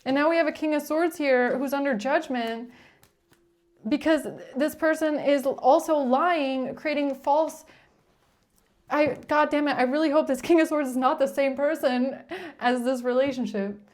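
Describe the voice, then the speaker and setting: A high-pitched woman talks through a tarot reading in a loose, casual monologue. She is blunt and exasperated, swears without hesitation, and keeps circling back through restarts and fillers. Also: steady tone, measured pace, a little mellow. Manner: rambling, with frequent restarts and filler "like". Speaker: tarot reader.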